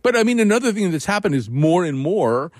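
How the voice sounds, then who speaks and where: A man's voice: high voice, very animated, fairly quick, no room sound, clean studio sound. A man hosting a radio interview, talking casually and introducing audio clips. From Northern US. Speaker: radio host.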